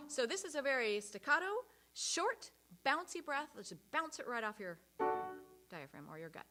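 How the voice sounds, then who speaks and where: A woman leading a choir rehearsal, encouraging the singers and demonstrating breathing and staccato warm-up sounds. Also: a little high, very animated, fairly quick, music in the background. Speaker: choir director.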